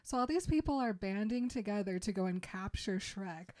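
A young adult woman co-hosting a casual chat, retelling events in a relaxed way with many fillers and giggles. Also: mid-range voice, moderate pace. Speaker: podcast co-host.

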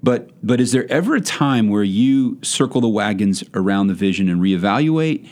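A man's voice: lowish voice, lively intonation, normal speed, a little mellow. A man hosting a podcast, asking thoughtful questions in a folksy, conversational way. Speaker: podcast host. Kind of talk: podcast interview.

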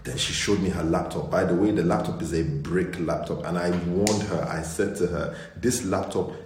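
Young male pastor, deep voice, lively storyteller doing impressions, casual livestream, roomy echo. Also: normal speed, slight background noise. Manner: animated storytelling with mimicked voices. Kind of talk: casual online livestream chat. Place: indoors at home.

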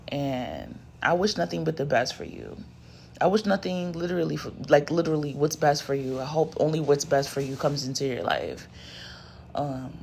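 A spiritual content creator and card reader delivers an unscripted, blunt, emphatic rant to her followers, swearing constantly. Her voice is medium-pitched, with a little hiss or hum in the recording.

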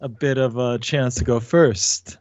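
A man's voice: medium pitch, fairly even intonation, unhurried, a little mellow, no room sound. A man co-hosting a casual podcast chat, joking and playful. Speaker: podcast co-host. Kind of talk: casual chat over beers.

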